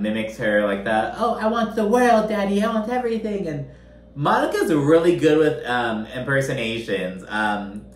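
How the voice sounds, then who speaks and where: A man's voice: mid-range voice, fairly bright tone, roomy sound. A man giving a casual, gossipy recap of a reality show, swearing freely and using lots of fillers. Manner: chatty, profane, gossipy with frequent fillers.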